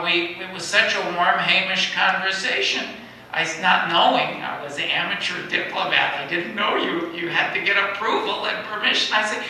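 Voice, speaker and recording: Middle-aged male guest speaker, animated anecdotes, bright tone, heard from a distance in a roomy hall. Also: high voice. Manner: animated anecdotal storytelling with lively quoted voices. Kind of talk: storytelling talk. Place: synagogue hall. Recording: echoey hall, distant mic, faint noise.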